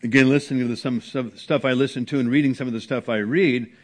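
A man's voice: mid-range voice, fairly even intonation, fast talker. Earnest male pastor preaching a sermon. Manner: earnest preaching with strong rises and hushed drops. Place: church sanctuary.

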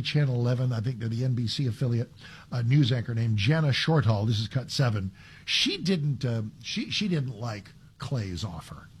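A man's voice: medium pitch, breathy edge. A man hosting a talk radio show, giving conversational commentary with frequent restarts and sarcastic asides.

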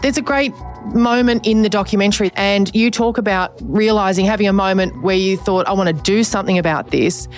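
A woman's voice: mid-range voice, fairly quick, soft background music. A woman interviewer asking direct, probing questions, with blunt asides.

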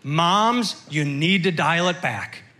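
A man performing stand-up comedy with a wry, deadpan observational delivery. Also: on the high side, slow pace.

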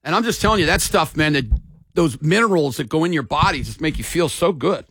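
A middle-aged man hosting sports radio with a fairly high voice and a gravelly edge. He tells stories in a folksy, emphatic way, and the sound is close and dry. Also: lively intonation, a little fast, fairly bright tone, no echo. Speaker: radio show host.

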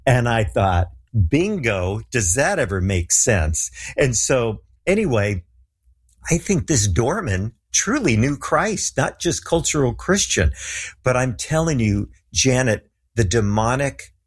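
Husky man telling a lively story. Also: medium pitch, takes it slowly. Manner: animated storyteller acting out quoted voices. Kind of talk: casual storytelling interview.

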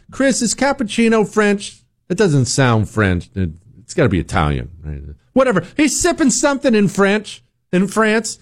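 A male host delivering a heated commentary monologue in a fairly high voice that swoops up and down with emphasis. He is sarcastic and keeps hammering his points with rhetorical questions. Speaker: show host. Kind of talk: opinionated political commentary monologue.

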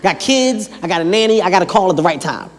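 A man doing stand-up comedy in an animated, conversational way. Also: sits high, fast talker. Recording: stage in a hall with crowd.

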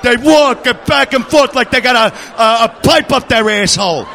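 Bright-voiced man with a crude rant. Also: extremely high pitch, animated, moderate pace, gravelly, a little hiss or hum. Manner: ranting, crude and aggressive. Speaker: stand-up comedian. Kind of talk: stand-up rant. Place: comedy club stage.

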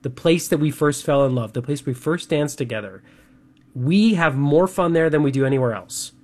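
A man's voice: on the high side, moderate pace. A young man co-hosting a talk show, chatting casually and animatedly, with plenty of filler words. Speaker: radio show co-host.

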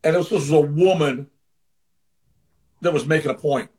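His voice leans high with a darkish tone, and he talks at a normal speed. As an interview guest and former baseball manager, he earnestly shares a personal story in relaxed conversation, occasionally imitating others' voices.

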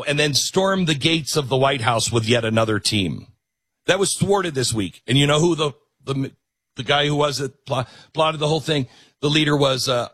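A man hosting a political commentary show, talking in a sarcastic, animated way. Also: a little high, slightly rough, no echo. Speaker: host.

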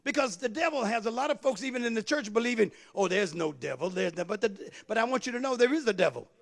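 A man preaching a sermon, calling out to the congregation for responses and building to shouts. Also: high voice, animated, fast talker, creaky. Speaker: pastor.

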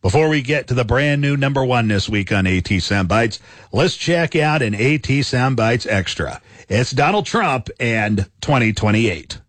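Male countdown host, animated pitch, dry close sound, punchy radio announcing. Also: normal speed, no echo.

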